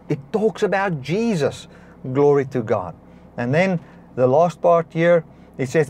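A man preaching a sermon, stopping now and then to correct himself and clear his throat. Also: a little high, slight background noise. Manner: preaching with swings between soft and raised passages. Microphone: device recording a broadcast, battery powered.

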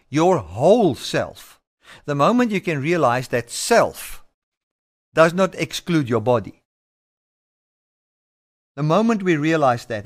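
A male pastor delivering a sermon in a measured, emphatic way, repeating key phrases. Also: a little high. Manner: measured, emphatic preaching with repetitions.

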